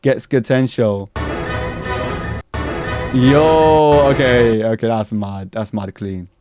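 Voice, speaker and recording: Excited man reacting live on stream. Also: fairly low pitch, moderate pace, music in the background. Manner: excited casual chat, reads chat aloud. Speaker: streamer reacting to anime news.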